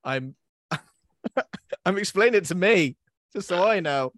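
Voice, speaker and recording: A man's voice: sits high, lively intonation, slow pace, fairly bright tone, no echo, studio quality. A man hosting a podcast in a casual chat, giggling and mocking himself as he stumbles over his words. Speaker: podcast host.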